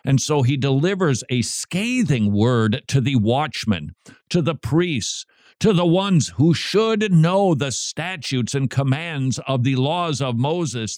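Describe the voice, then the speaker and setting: A man hosting a radio show, commenting on a recorded sermon in a slow, emphatic way with wry humor. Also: mid-range voice, a little mellow, no echo, clean studio sound.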